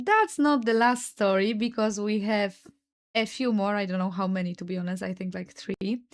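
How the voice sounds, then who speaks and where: Woman, Polish accent, young adult, casual storytelling, chatty, filler-heavy, swears. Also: medium pitch. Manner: chatty, lots of "like" and "no?" tags, swears freely. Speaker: podcast host.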